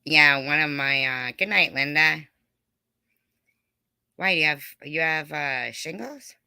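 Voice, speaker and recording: A woman's voice: low-pitched, a little slow, vocal fry, sharp tone, clear, resonant tone, no room sound, studio quality. A middle-aged woman hosting a casual live stream, chatting with viewers in a rambling, giggly way full of fillers.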